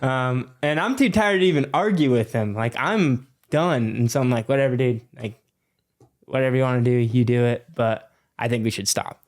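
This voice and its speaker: A young man in his twenties, a podcast guest telling a story in a loose, animated way with lots of fillers and swearing. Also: mid-range voice, normal speed. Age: 20s. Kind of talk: casual storytelling.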